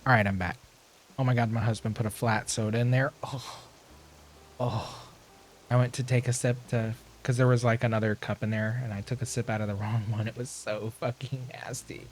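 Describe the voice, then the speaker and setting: Slightly hoarse, chatty streamer man. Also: medium pitch, little pitch movement, fairly quick, slight background noise. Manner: chatty, rambling, frequent throat clearing. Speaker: game streamer. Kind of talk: casual gameplay chat.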